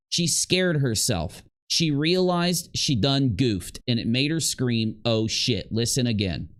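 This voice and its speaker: A man's voice: mid-range voice, expressive, slow. A man hosting a commentary channel, emphatically breaking down clips and repeating his points. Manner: emphatic, repetitive, mimics the woman in quotes. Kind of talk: drama commentary, analyzing clips.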